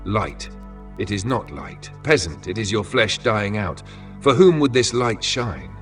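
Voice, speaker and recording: A man's voice: fairly low pitch, lively intonation, unhurried, a bit bright. A man doing a cold, clipped inquisitor. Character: cold, relentless male inquisitor interrogator. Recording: voice from a distance with faint music.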